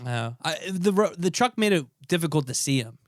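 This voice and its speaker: A man's voice: a little high, animated, brisk, no room sound, clean studio sound. A man co-hosting a podcast in casual chat, joking and loose, swearing now and then. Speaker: podcast co-host.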